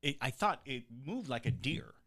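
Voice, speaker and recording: A man's voice: medium pitch, expressive, moderate pace, vocal fry, pushed and bright, no room sound, studio quality. A man co-hosting a podcast, chatting casually and rambling with fillers and restarts as he tells stories. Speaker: podcast co-host.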